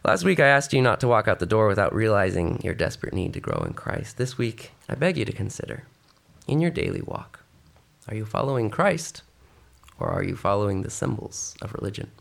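A man's voice: lowish voice, brisk, gravelly. A man preaching a sermon who reads scripture aloud and then urges his listeners on. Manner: expressive, reading scripture then exhorting the congregation.

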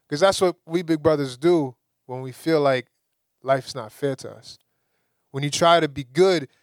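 Lively young male preacher, dry sound. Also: a little high, clean tone, dry recording. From Caribbean. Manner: lively, rising to emphatic peaks. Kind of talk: sermon.

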